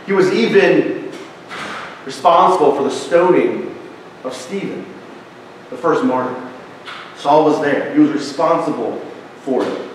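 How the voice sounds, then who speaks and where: A man preaching a church sermon in a conversational tone, with asides and small restarts. His voice sits a bit high for a man. It is picked up from across a strongly echoing sanctuary, with faint room sound behind. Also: measured pace, pauses often, a little hiss or hum. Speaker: pastor. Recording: echoey church hall from a distance.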